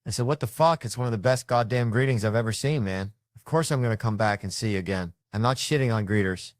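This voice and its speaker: A man's voice: fairly low pitch, fast, no echo, studio quality. A man doing stand-up, telling a profane story and acting out the people in it. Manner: animated, profane, acts out characters. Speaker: stand-up comedian.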